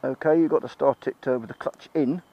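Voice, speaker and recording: A man giving a chatty, excitable ride-along review of a motorbike, swearing freely, talking into a helmet mic outdoors. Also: mid-range voice, fairly quick. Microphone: helmet-mounted mic. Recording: muffled, engine and road noise.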